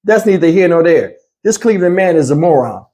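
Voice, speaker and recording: A man with a slightly high voice reacts to a news clip in blunt, heated, slangy talk. He speaks straight to his viewers like a commentary host. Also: animated, a little fast, mellow.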